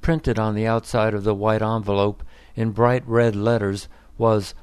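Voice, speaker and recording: A man reading a story aloud as narrator in a wry, measured storytelling manner. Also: lowish voice, flat delivery, a little mellow, clean tone, dry recording. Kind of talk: scripted narration.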